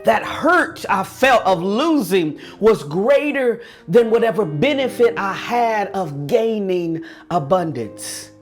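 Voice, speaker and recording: A man's voice: sits high, animated, slow, hardly any pauses, faint music behind. A man giving an earnest motivational talk with a preaching tone. He speaks straight to his listeners, repeating and restarting words as he goes. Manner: addresses listeners directly.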